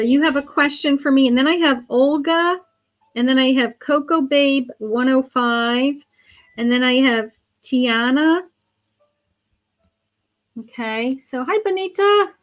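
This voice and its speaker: A woman psychic reading tarot for viewers on a live stream, her voice sitting a little high. She talks in a friendly, affectionate ramble, pausing on ums and restarting sentences as she turns cards. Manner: chatty, affectionate, calls viewers sweetheart and honey; thinks aloud with many ums and restarts.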